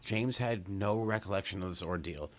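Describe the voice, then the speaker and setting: On a comedy podcast, a forty-something co-host from Long Island, New York spins a profane, meandering story full of fillers and false starts. He has a low voice and a moderate pace.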